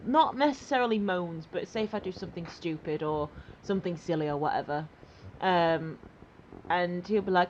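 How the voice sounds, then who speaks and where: A woman co-hosting a casual podcast chat, playful and quick to laugh, recorded on dull lo-fi audio. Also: fairly low pitch, slight background noise. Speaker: podcast co-host.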